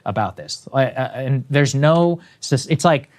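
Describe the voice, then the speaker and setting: A man's voice: mid-range voice, unhurried. A man giving political commentary in a casual chat, often restarting and filling with "like". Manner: animated, restarts a lot, says "like" often.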